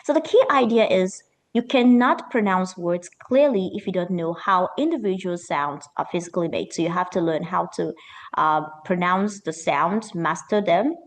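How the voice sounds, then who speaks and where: A woman leads a pronunciation lesson as an accent coach. She speaks with lively energy and stretches key words out slowly to stress them. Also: fairly low pitch. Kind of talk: teaching an online pronunciation lesson.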